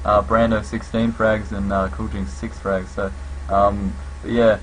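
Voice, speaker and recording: A man giving live play-by-play commentary on a game match, calling action in quick bursts that jump up on big plays. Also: lowish voice, a little hiss or hum, rough recording. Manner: rapid calls with bursts of excitement on kills. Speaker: esports commentator.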